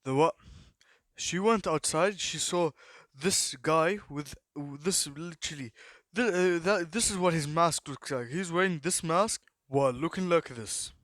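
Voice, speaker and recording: A man's voice: fairly high pitch, measured pace, a bit bright, no room sound, studio quality. A young man casually narrating an improvised fan story, rambling with lots of fillers and repeated prompts to himself.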